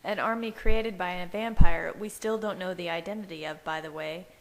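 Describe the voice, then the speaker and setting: A woman reading a fanfiction aloud, voicing a tense, protective young male vampire in her own lowish voice. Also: moderate pace, natural voice, low-quality recording.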